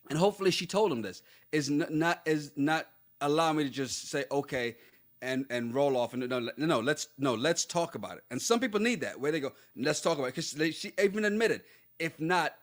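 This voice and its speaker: A man co-hosting a podcast, talking things through in casual chat with emphatic repeats. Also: a little high. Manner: talks things through, restarts, emphatic no-no-nos. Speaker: podcast co-host.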